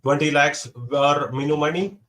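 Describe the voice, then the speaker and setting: A young man with a slightly high, somewhat bright voice calls bids in a relaxed mock auction. His brisk patter repeats the prices, and he counts down before each item sells.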